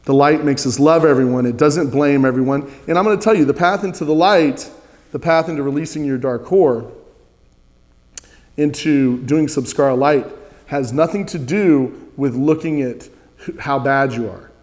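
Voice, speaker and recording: A man's voice: fairly high pitch, moderate pace, a little mellow, long reverb tail. A man teaching a spiritual practice, earnest, leading listeners in repeated chants.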